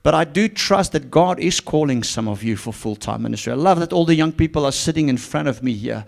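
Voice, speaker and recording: A man's voice: on the high side, animated, brisk, vocal fry. Fervent preacher, man. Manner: fervent, swinging from hushed to shouted, repeating phrases. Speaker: pastor. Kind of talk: sermon. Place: church before a congregation.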